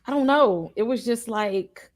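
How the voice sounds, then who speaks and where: A woman chatting casually as a podcast guest, hesitant and halting, often restarting her words. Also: on the high side.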